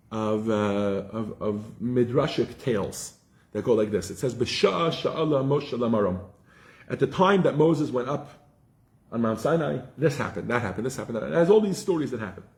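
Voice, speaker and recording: A man giving a casual religious class, telling stories with lots of restarts. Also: medium pitch. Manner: animated storyteller, frequent restarts. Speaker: teacher. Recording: roomy echo.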